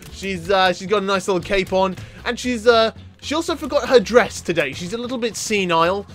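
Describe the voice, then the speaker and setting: Excitable high-voiced gaming host. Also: male voice. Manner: excitable, yelling and laughing at the game. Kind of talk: let's play commentary.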